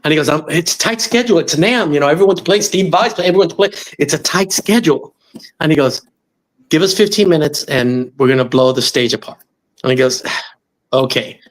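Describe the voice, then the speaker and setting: A middle-aged man from Los Angeles tells a long story as a guest on an interview show. His voice sits a little high for a man. He talks casually and acts out the voices of the people in his story. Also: a little fast. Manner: animated, acts out quoted voices. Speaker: musician guest.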